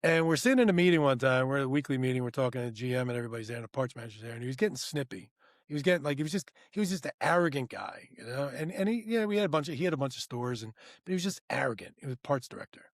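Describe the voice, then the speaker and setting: A man co-hosting a podcast, telling a workplace story in a rambling, animated way. He acts out both sides of the conversation and keeps saying "right?" and "I go". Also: medium pitch, rapid-fire, no echo, clean studio sound. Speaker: podcast co-host. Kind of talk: casual storytelling.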